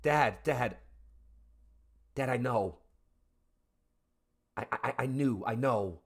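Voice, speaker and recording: A man's voice: mid-range voice, slow pace, husky. A man voicing a teenage daughter, shaky with tears but resolved, in a tabletop role-play. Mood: pleading. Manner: emotional, voice breaking.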